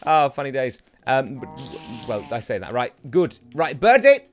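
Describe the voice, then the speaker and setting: A man's voice: medium pitch, moderate pace, faint music behind. A young man giving chatty, rambling gameplay commentary as a let's play host, talking to the creatures in his game. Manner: chatty, rambling and self-mocking.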